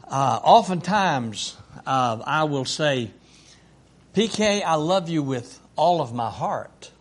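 A man hosting a casual chat at home, talking haltingly and tenderly with many pauses and fillers. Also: on the high side, animated.

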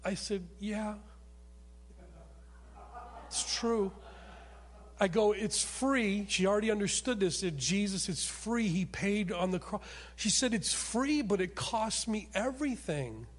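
Man, pastor, sermon, high pitch, emphatic storytelling, echoing church hall. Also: animated, a little slow. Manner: storytelling, emphatic with sudden soft drops. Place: church sanctuary. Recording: long hall reverb.

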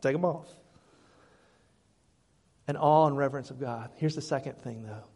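A man preaching a sermon as pastor, his voice rising to loud, fervent peaks and then dropping to quiet asides, often repeating words as he restarts. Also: medium pitch, moderate pace. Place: church sanctuary. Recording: hall reverb.

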